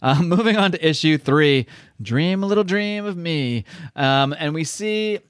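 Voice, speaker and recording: A man co-hosting a casual comic-book podcast, recapping the story in animated bursts, stammering and acting out the characters in quick asides. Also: on the high side, clear, resonant tone, dry recording, studio quality. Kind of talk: casual chat.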